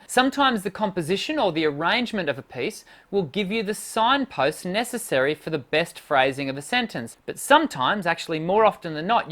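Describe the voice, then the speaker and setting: A woman vocal coach giving a singing lesson in a clear, expressive teaching voice. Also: mid-range voice.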